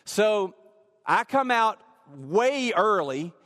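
A man's voice: high-pitched, sing-song, very slow, a bit bright. A man preaching a sermon in a church, telling a personal story in a casual, rambling way with many fillers. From rural area. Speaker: pastor. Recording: long hall reverb.

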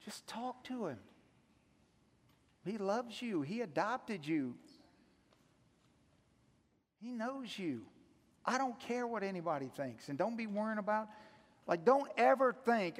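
An older man preaching a sermon as pastor, conversational and earnest, swinging from hushed to loud. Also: sits high, sing-song, unhurried, pauses often. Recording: echoey hall reverb.

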